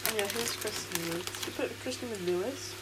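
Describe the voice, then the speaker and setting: A woman's voice: medium pitch, a little fast. A young woman co-hosting a casual chat, teasing and chiming in while cooking in a kitchen. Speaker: podcast co-host. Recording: kitchen noise, frying sizzle.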